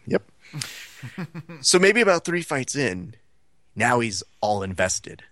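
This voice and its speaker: Animated male podcast storyteller. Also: fairly low pitch, a little slow, no room sound. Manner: animated, acts out the people in his stories. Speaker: podcast co-host. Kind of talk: casual storytelling chat.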